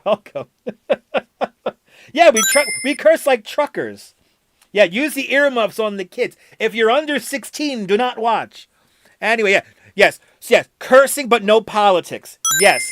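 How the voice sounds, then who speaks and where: A man's voice: high-pitched, fairly bright tone, no echo. A man hosting a casual livestream who reads viewer comments aloud, curses freely and laughs often. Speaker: livestream host.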